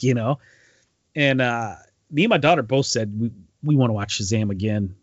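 A man's voice: medium pitch, normal speed, no echo, lo-fi sound. A man co-hosting a podcast, retelling a story in a rambling casual way with lots of ums and restarts. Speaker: podcast co-host. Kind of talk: casual chat.

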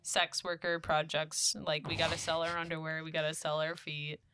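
A woman's voice: deep voice, little pitch movement, normal speed, bright, forceful tone, a little hiss or hum. A young woman co-hosting a podcast in casual chat, laughing often and swearing freely. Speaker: podcast co-host.

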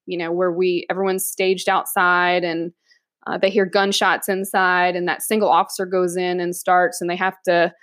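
Animated woman telling a police story. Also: on the low side, normal speed, no room sound. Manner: animated, laughs often, acts out quoted voices. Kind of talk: casual storytelling chat.

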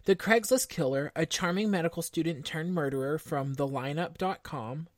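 A woman's voice: low-pitched, normal speed, no echo. A woman co-hosting a casual true-crime podcast, laying out her research in a matter-of-fact way with wry asides. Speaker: podcast co-host.

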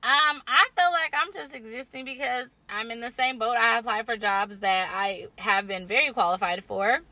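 A young woman talks candidly on a podcast, reflective and a little weary. Her voice sits fairly high and sounds bright. The recording is dry and close. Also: normal speed, no room sound. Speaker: podcast co-host. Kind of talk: casual chat.

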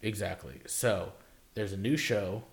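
A man's voice: lowish voice, a little slow. A young man co-hosting a podcast in casual chat, rambling and swearing freely with lots of "like". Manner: rambling, swears a lot, leans on "like". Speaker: podcast co-host.

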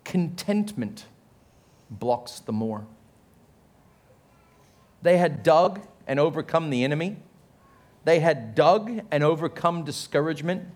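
A lively Australian man gives a sermon from the pulpit, his fairly high voice jumping up whenever he acts out the lines of the people in his stories. He jokes at his own expense and laughs as he tells them. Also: slow pace, pauses often. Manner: animated storytelling, acts out quotes in a raised voice; self-mocking humor, laughs while telling stories. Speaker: pastor.

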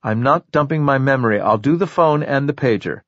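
A composed female police detective, as a male narrator puts her on, speaking in a slightly lifted, calm and firm voice. She stays controlled in this storybook reading. The sound is dry and a bit dull. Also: medium pitch, a little fast, no echo, pitched above the performer's own voice, close to an everyday voice.

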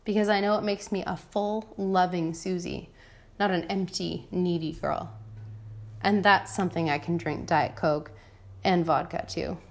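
A woman's voice: on the low side, fairly even intonation, measured pace, vocal fry. A woman in her thirties, a mother, reading her own personal essay aloud in a frank, wry and irreverent way. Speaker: mother of a toddler.

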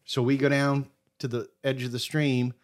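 Guy from maine telling an animated deer hunting story, average pitch. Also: normal speed. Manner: animated storyteller, swings loud and soft. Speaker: podcast guest. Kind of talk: casual storytelling.

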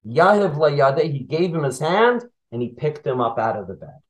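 A man teaching Torah, telling a Talmud story with lively storytelling energy. His voice sits a little high for a man. He asks the listeners questions as he goes. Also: normal speed, poor audio.

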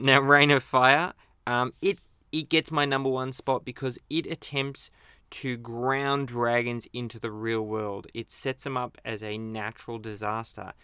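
A man hosts a relaxed movie countdown and chats easily between clips. His voice is smooth and clear at a mid pitch. It is recorded close and dry, with no room sound. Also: no echo. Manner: chatty, chuckles at his own slips. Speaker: podcast host. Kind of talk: casual movie countdown commentary.

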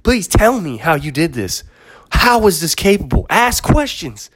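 A man hosting a podcast, delivering an impassioned, profane monologue that sometimes drops to a hush for storytelling. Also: fairly high pitch, big pitch swings, measured pace, husky. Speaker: podcast host. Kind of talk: monologue rant.

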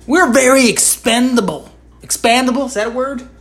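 A woman with a slightly raised pitch rants alone into her podcast mic. Her talk is loose and profane, full of sarcasm and rhetorical questions. She keeps circling back with quick asides to the listener. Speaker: podcast host. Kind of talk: solo podcast rant.

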